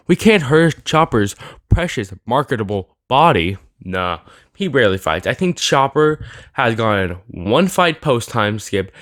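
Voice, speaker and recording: A man's voice: mid-range voice, a bit bright, dry recording, studio quality. A young man delivering a rambling, sarcastic opinion rant for his anime channel. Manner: rambling, sarcastic, with filler words and restarts. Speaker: anime YouTuber.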